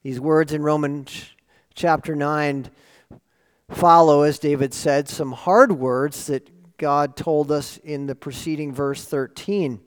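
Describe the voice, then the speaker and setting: A pastor preaching a sermon to his congregation, building emphasis with sudden loud swells on key words. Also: a little high, takes it slowly, smooth. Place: church sanctuary. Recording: long hall reverb.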